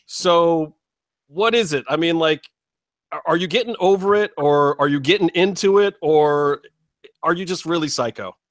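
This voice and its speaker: A man's voice: on the high side, moderate pace, dry recording, studio quality. A man hosting a wrestling podcast, asking long, rambling questions with casual swearing. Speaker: podcast host.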